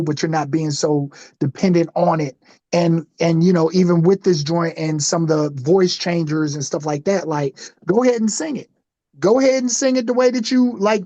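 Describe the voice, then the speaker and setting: A man's voice: high-pitched, darkish tone, no room sound, muffled recording. A man co-hosting a podcast in casual chat, rambling with lots of fillers. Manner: rambling, full of fillers like "you know what I'm saying". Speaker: podcast co-host.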